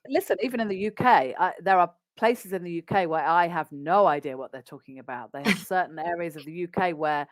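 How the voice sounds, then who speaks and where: A woman's voice: on the low side, fairly quick, few pauses, no room sound. A woman with an English RP accent, a business English coach, explaining practical tips in an upbeat conversational interview.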